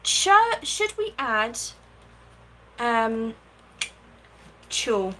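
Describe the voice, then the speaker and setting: A woman's voice: on the high side, big pitch swings, extremely slow, pushed and bright, a little hiss or hum, rough recording. Chatty woman crafting live at home. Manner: chatty, thinks aloud, thanks viewers by name. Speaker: craft livestream host. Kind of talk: casual live-stream chat while crafting.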